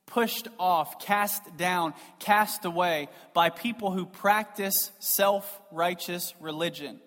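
A man's voice: high voice, takes it slowly, few pauses. Emphatic preacher man, reverberant hall. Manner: emphatic, rhetorical, shifting between loud stress and soft asides. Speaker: pastor. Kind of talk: sermon. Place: church sanctuary. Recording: long reverb of a large hall.

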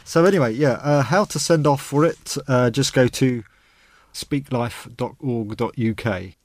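Relaxed, chatty man hosting a podcast. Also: mid-range voice, a little slow, dry recording, studio quality. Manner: relaxed, chatty, with small restarts. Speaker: podcast host. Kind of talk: casual podcast chat.

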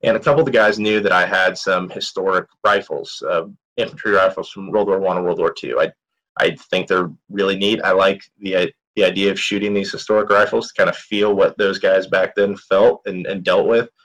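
A man's voice: sits low, fairly even intonation, fairly quick, a bit bright, low-quality recording. A man in his thirties giving a candid, conversational motivational talk, telling personal stories with many fillers and restarts. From United States. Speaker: motivational speaker. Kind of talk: storytelling talk.

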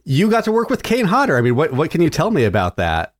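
Lively man asking interview questions. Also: on the high side, fast talker, no room sound, clean studio sound. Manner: lively, laughs easily. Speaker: podcast host.

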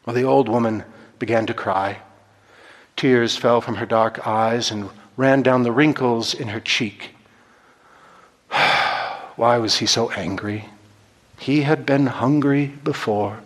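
A man preaching a sermon in a measured, reflective way, then reading a story aloud. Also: mid-range voice, steady tone. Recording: reverberant hall.

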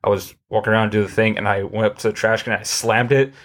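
A man with a fairly low voice hosts a relaxed podcast conversation. He tells long, rambling stories full of restarts and fillers, and his voice jumps higher when he gets animated. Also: fast talker. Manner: rambling, animated storytelling with many restarts and laughs. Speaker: podcast host. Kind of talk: casual chat.

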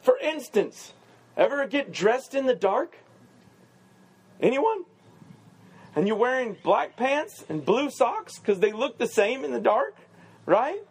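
A man with a high, light voice preaches in a relaxed, conversational way. He jokes through everyday stories and keeps checking in with the room with a quick "right?". He sounds like a pastor chatting with his congregation. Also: husky. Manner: chatty and joking, with quick asides and rhetorical 'right?'. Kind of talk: casual conversational sermon.

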